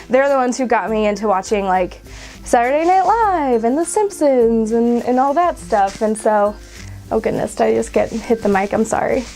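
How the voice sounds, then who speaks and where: A woman's voice: a little high, animated, moderate pace, a little mellow, faint music behind. A woman in her twenties talking casually to camera, emotional and close to tears, with laughs between her words. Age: 20s. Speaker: vlogger.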